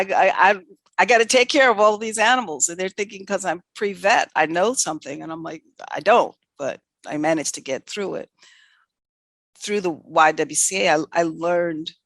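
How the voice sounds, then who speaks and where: An older woman from New York City shares career stories in a conversational interview. Her voice has a slight gravelly texture. She recorded close to the mic in a dry space, and she tells her stories animatedly, full of quoted exchanges. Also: fairly low pitch, no echo. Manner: animated, self-correcting anecdotes with quoted dialogue. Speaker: veterinarian guest. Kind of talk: candid conversational storytelling.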